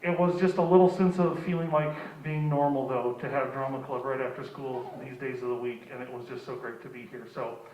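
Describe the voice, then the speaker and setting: A man's voice: medium pitch, fairly even intonation, brisk, hardly any pauses, darkish tone. A man who directs a drama club thanks everyone before a show, speaking in a rambling way with many fillers. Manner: rambling, grateful, many um's. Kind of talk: casual speech to an audience. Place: school theater. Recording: distant, dull and echoey hall audio.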